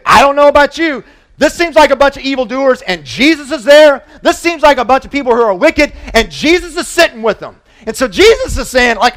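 A man preaching a sermon as pastor, conversational and animated, with frequent restarts and asides, swinging between loud emphasis and quiet low moments. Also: fairly quick.

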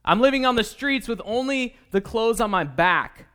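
A man voicing Jesus as a humble homeless man, asking slow, pointed questions. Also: extremely high pitch, animated, fairly bright tone, smooth. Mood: challenging.

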